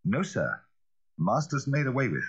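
A man voicing a frightened older male butler who speaks in an anxious, deferential, halting way. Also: mid-range voice, big pitch swings, slightly rough, voice pushed up, full character voice. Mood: anguished. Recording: dull lo-fi recording.

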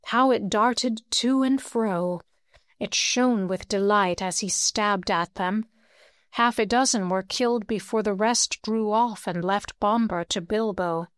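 Woman audiobook narrator, smooth clear voice, close and dry recording. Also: mid-range voice, slow, no room sound. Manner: steady storytelling, lifts her voice for dialogue. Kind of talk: audiobook reading.

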